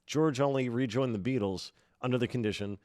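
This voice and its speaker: A man co-hosting a podcast in casual chat, talking thoughtfully and hedging, with many "uh" and "um" pauses. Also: mid-range voice, darkish tone, no room sound, clean studio sound. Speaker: podcast co-host.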